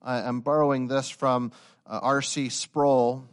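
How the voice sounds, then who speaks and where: A young man preaching a sermon, telling stories and building to loud, emphatic insistence. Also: medium pitch, little pitch movement, measured pace. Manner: storytelling, swelling to emphatic raised-voice insistence.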